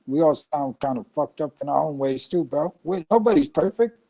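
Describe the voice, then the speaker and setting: A man's voice: on the high side, lively intonation, normal speed, creaky, warm tone. An older man from a Puerto Rican family in New York, with a New York accent, telling stories bluntly and profanely on a live chat stream. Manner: profane, blunt storytelling, chuckles often. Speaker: live show panelist. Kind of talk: casual chat.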